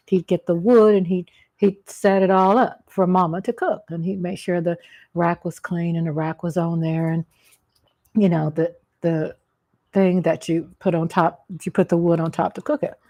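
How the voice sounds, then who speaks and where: On the low side with a dark tone, her voice keeps fairly even intonation at normal speed. A middle-aged food vlogger at home eating at the table, she chats casually mukbang-style about family cooking, rambling, homey, and prone to restarts.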